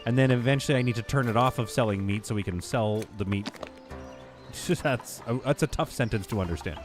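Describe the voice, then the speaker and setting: A man streaming a city-building game, thinking out loud in a rambling, self-deprecating, casual way. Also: mid-range voice, brisk, music in the background. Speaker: gaming streamer. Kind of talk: casual live game commentary.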